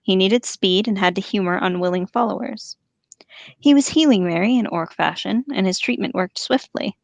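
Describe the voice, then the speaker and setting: Gravelly-voiced woman reading a story aloud. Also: medium pitch, normal speed, dry recording. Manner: animated, laughs easily. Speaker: podcast host and reader. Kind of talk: reading a novel aloud with commentary.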